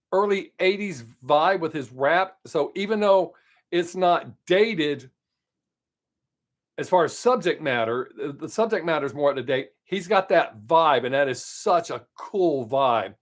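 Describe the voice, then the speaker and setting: A man with a Southern accent, hosting a live stream from home and chatting in a rambling, casual way. He says he tries to talk fast. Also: on the high side, lively intonation.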